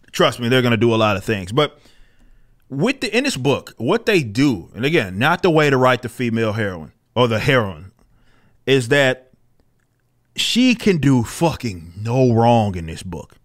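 A man's voice: medium pitch, big pitch swings, measured pace, pauses often. A man giving casual video commentary on comic books, blunt, profane and incredulous.

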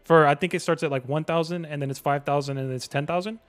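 Young adult male streamer, slangy and excitable, raised pitch, quiet music underneath. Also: fast talker. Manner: excitable, slangy, bursts into yelling. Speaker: game streamer. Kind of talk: live game-stream commentary.

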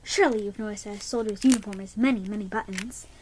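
A woman voicing a bold, strong young daughter in a read-aloud storybook, speaking briskly and confidently. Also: mid-range voice, a little mellow, a little hiss or hum, lightly acted.

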